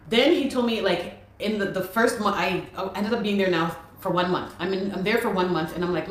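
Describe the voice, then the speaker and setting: A woman's voice: mid-range voice, a little fast, few pauses, a little hiss or hum. A young adult woman emphatically telling a personal story as a guest, repeating phrases for emphasis. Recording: very echoey room.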